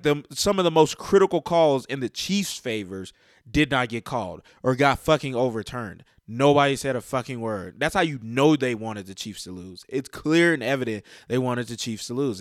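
A man's voice: mid-range voice, dry recording, studio quality. A man in a heated, casual rant about a game, profane and emphatic, with frequent fillers. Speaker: sports fan commentator.

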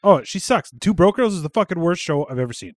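A man with a fairly high voice hosts a loose, profane podcast chat. He laughs easily and keeps things moving. The sound is dry and close to the mic. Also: expressive, fast, no room sound. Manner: swears freely, laughs often. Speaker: podcast host. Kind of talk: casual chat.

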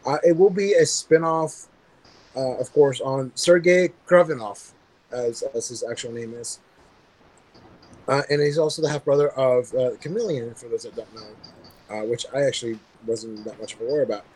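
A man hosting a casual news podcast, rambling relaxed with plenty of ums and uhs. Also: mid-range voice, moderate pace, husky, poor audio. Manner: relaxed, rambling with many fillers. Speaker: podcast host reading news.

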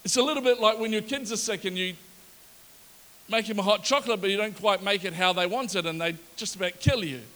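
A male pastor preaching a sermon in a lively storytelling manner and acting out the people in the story. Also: high-pitched, fairly quick, big-room sound. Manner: animated, storytelling, acts out the characters.

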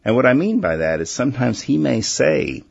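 A man hosting a Christian call-in radio show, talking earnestly and gently and often restarting his words. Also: mid-range voice, sing-song, normal speed, creaky, husky, lo-fi sound. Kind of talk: faith-based call-in radio talk.

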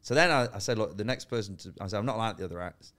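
A man's voice: lowish voice, animated, racing, a bit bright. A man, a comedian guest on a podcast, telling swearing, laughing stories and acting out the other people in them. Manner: swearing, laughing storyteller who acts out voices. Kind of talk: casual podcast chat, telling stand-up stories.

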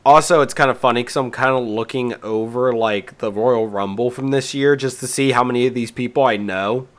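A man hosting a relaxed podcast conversation. He rambles, doubles back and restarts his sentences often. His voice sits at an ordinary middle pitch. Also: fairly quick. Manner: rambling, with many restarts and fillers. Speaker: podcast host. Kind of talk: casual chat.

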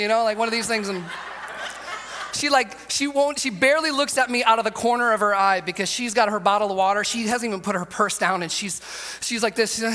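A male pastor with a high, bright, forceful voice tells a comic story as he preaches. He acts out every quote with lively energy. A long reverb from a large hall trails his words. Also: a little fast. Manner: animated storyteller, acts out quotes, laughs often. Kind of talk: sermon with a humorous personal story.

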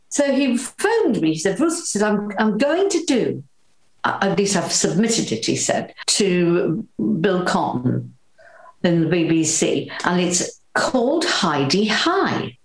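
Lively Welsh older woman storyteller. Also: mid-range voice, echoey room, low-quality recording. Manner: lively storyteller, acts out quoted voices. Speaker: actress guest. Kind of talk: anecdotal interview chat.

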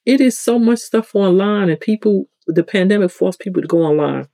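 New York-accented spiritual host, loose chatty teaching, warm tone, dry recording. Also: moderate pace, gravelly, dry recording. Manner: conversational, rambling, with frequent restarts; acts out quoted people with sudden pitch jumps. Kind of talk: casual spiritual teaching talk.

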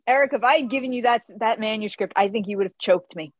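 A woman's voice: fairly high pitch, no echo. Woman telling a story on a dry mic. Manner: storytelling, animated, quick restarts. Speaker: podcast co-host and author. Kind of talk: casual podcast chat.

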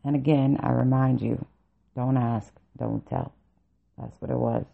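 A woman's voice: extremely low pitch, steady tone, a little slow, gravelly. A woman telling an angry, profane story about army training, with bitter laughs. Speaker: vlogger recounting army training. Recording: tinny phone-like recording.

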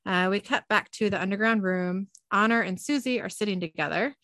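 Animated woman recapping, bright voice. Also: mid-range voice, fairly quick, no room sound. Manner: animated, laughs often. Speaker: podcast host recapping an episode. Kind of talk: casual recap narration.

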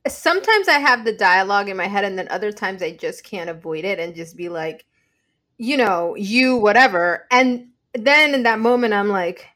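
A woman's voice: mid-range voice, very animated, moderate pace, sharp tone. A woman in a casual conversation who speaks in a thoughtful, reflective way.

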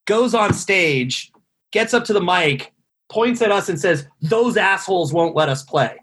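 A man with a slightly higher, husky voice tells a long, rambling tale in casual podcast chat. He swears freely and fills his talk with "like" and "you know.". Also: lively intonation, measured pace, a bit bright. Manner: rambling storyteller, profane, many fillers. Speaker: guest telling a tour story.

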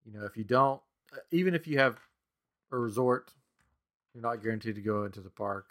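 A man's voice: fairly low pitch, fairly quick, a bit bright. A middle-aged man co-hosting a podcast in loose, casual chat, laughing often. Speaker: podcast co-host.

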